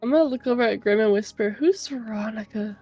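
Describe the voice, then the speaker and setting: A woman's voice: on the high side, racing, a little mellow, no echo, soft background music. A woman playing a tabletop game, joking and playful in casual talk. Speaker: player. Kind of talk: casual tabletop role-play.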